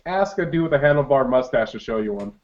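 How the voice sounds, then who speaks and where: A man chatting on a podcast with a lively, swooping voice. He jokes, swears freely and laughs often. The audio is dull and muffled. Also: medium pitch, fast talker. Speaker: podcast co-host. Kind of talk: casual chat.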